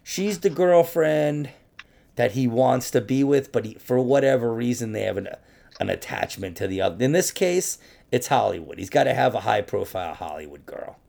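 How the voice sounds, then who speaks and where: A man's voice: medium pitch, lively intonation, normal speed, gravelly, darkish tone. A man co-hosting a podcast, joking around with constant laughter and swearing. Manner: joking, profane, laughs often. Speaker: podcast co-host. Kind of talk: casual podcast banter.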